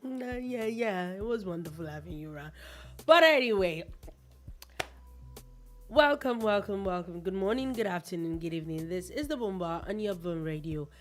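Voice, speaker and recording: A woman's voice: medium pitch, expressive, moderate pace, soft background music. A woman co-hosting a casual radio show, bantering playfully and teasing her partner. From Nigeria. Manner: playful, teasing, talks over her co-host.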